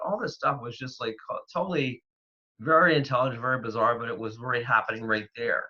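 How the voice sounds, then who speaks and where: Canadian guy rambling on as an interview guest, bright forceful voice, kinda dull lo-fi sound. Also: medium pitch, a little fast. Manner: rambling, animated storytelling with many fillers. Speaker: paranormal investigator guest. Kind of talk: casual interview talk. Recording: dull, lo-fi remote audio.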